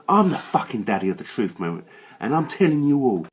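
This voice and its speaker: A man delivering a furious, swearing rant as host of his own channel, dropping to low growls and then bursting out high. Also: big pitch swings, brisk, slight background noise. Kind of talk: angry rant to camera.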